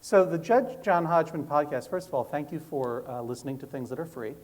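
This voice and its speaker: A man's voice: fairly high pitch, a little fast. A man who is a guest author on stage, talking in a rambling, self-mocking way with lots of restarts. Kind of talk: live stage conversation. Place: stage before a live audience.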